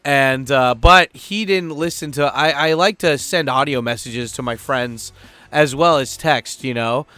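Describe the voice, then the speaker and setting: A man's voice: medium pitch, a little slow, sharp tone, no echo. A man living abroad, telling a story in a casual vlog rant, rambling and swearing freely. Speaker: vlogger living in Japan.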